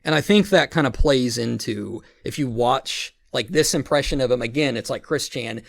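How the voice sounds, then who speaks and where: A man's voice: mid-range voice, moderate pace, gravelly. A man hosting a podcast, telling a rambling, profane story with lots of restarts and quoted voices. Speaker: podcast host. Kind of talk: casual storytelling chat.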